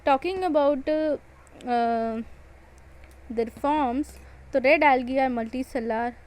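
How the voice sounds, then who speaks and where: A woman's voice: sits high, takes it slowly, darkish tone, poor audio. A woman with an Indian English accent giving an exam-prep biology lecture, repeating and stressing key points. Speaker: biology teacher.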